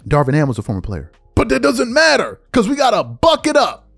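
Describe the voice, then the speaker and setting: A man's voice: high-pitched, huge pitch swings, brisk, creaky, fairly bright tone, faint music behind. A man hosting a podcast, delivering a heated commentary monologue, calling out his listeners with rhetorical questions and mocking how they talk. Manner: mocks others by mimicking their speech. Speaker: podcast host.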